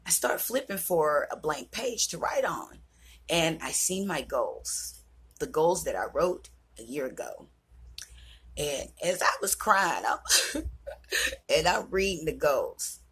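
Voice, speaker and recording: A woman in her thirties speaks in a low, deeply husky voice, unhurried and earnest. Her pitch swings widely as she shares, and at moments she sinks to a whisper. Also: fairly bright tone. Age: 30s. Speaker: vlogger. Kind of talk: personal reflective vlog talk.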